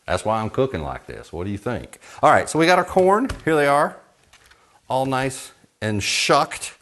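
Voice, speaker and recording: This Texan man's mid-range, slightly bright voice swings widely in pitch as he talks at a moderate pace. He jokes and chats in a folksy manner while demonstrating a recipe at home, bacon sizzling and frying nearby, and the audio is poor.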